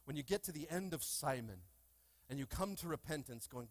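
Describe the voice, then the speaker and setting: A man with a slightly high voice preaching a lively sermon in a church. He keeps calling out to the congregation and breaking into playful, joking asides. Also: fairly quick. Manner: energetic call-and-response preaching, playful asides. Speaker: pastor. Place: church sanctuary.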